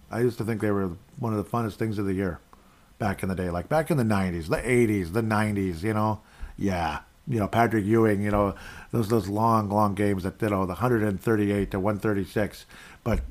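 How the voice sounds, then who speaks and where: A man hosting a podcast, giving rambling and opinionated fan commentary in casual sports talk. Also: fairly low pitch. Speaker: podcast host.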